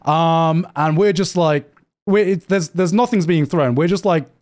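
A man's voice: a little high, a little slow, darkish tone. A man from the United Kingdom, streaming and telling rambling, profanity-laced stories. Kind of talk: casual stream commentary.

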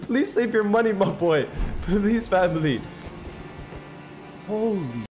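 A man streaming a video game live, chatting casually and excitedly with his viewers in slang and thanking them constantly. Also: high-pitched, slow pace, faint music behind. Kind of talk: casual live-stream chat while gaming.

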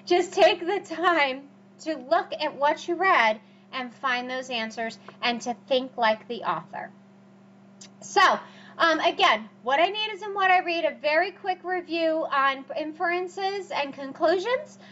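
High-voiced teacher lecturing over slides. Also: female voice, lively intonation, a little slow, sharp tone. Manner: repetitive, emphatic, asks rhetorical questions. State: has the hiccups. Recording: dull, lo-fi recording with faint hum.

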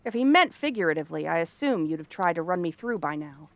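A woman's voice: on the low side, very animated, fast talker, no echo. A woman voicing a cranky, bratty cursed frog-girl princess in an ASMR role-play, talking in a dry, sarcastic, probing way. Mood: wary, probing.

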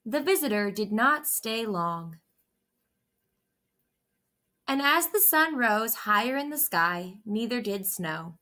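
A woman reading a children's picture book aloud in a slow, gentle, expressive storytelling voice. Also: on the high side.

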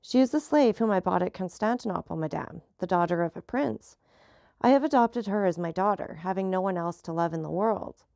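A woman voicing a grave, guarded nobleman in an audiobook, giving measured, restrained replies. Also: lowish voice, gravelly, a little mellow, dry recording, studio quality. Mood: reserved.

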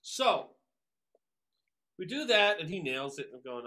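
A man, a drummer telling stories as a guest, animated and acting out the voices of people he quotes. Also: on the high side, a little slow, long pauses. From Long Island, New York. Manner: animated, acts out quoted voices, many fillers. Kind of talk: casual storytelling interview.

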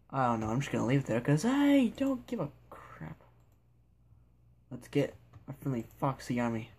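A young man with a gravelly, mid-pitched voice gives casual commentary while he plays. He rambles goofily, talks to himself and barks at the characters on screen. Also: huge pitch swings, unhurried, long pauses, a little mellow. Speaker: gameplay video maker.

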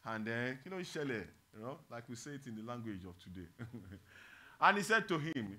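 A pastor teaching a Bible study, humorous and engaging with his congregation, moving between loud emphasis and quiet, earnest reflection. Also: medium pitch, a little slow. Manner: animated, humorous, draws the congregation in with call-and-response.

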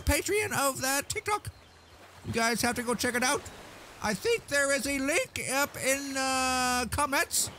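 A man voicing a fussy, old-fashioned gentleman character who talks slowly with plenty of ums and uhs. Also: extremely high pitch, a little hiss or hum, voice pushed up, exaggerated voice. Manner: slow, halting delivery full of ums. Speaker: streamer's character.

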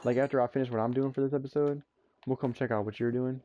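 A young man hosting a gameplay session, telling stories in animated slang and swearing freely. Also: medium pitch, fast. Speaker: let's play host. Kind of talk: casual gameplay chat and storytelling. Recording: muffled lo-fi audio.

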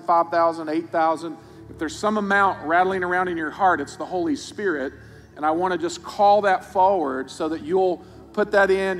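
A male pastor leading the offering with a casual, upbeat manner, then praying. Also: high-pitched. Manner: casual, upbeat, hesitant with fillers. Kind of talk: offering appeal and prayer. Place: church sanctuary. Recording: church hall reverb with faint music.

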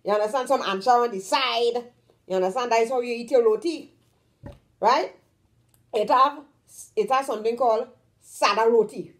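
A woman's voice: fairly high pitch, normal speed, long pauses. A woman from Trinidad with a Trinidadian accent, hosting her own vlog in casual talk to the camera. She talks emphatically, stretches out the words she stresses and keeps checking in with her listener. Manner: emphatic, draws out stressed words, keeps asking "you understand?". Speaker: vlog host.

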